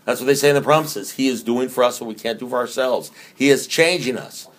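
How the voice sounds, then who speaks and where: A man speaks to a group about staying sober in an earthy, emphatic way. He circles back and repeats phrases to drive each point home. His voice sits at an everyday middle pitch. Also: a little fast. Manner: conversational, repetitive, earthy and emphatic. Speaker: recovery meeting speaker. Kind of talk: recovery talk to a group.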